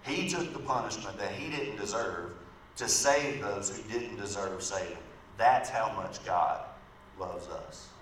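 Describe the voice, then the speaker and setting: Guy preaching a sermon, kinda low voice, talks casual with the crowd, roomy church sound from far off. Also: unhurried, a bit bright. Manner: conversational, often asks "right?" of the congregation. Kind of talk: sermon with a storytelling illustration. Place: church sanctuary. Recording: echoey room from far off, faint background noise.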